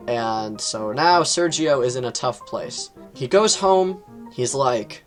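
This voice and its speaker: A man casually reviewing books on his channel, rambling, with lots of fillers and quick jumps in pitch. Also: expressive, fairly bright tone, faint music behind. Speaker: book reviewer.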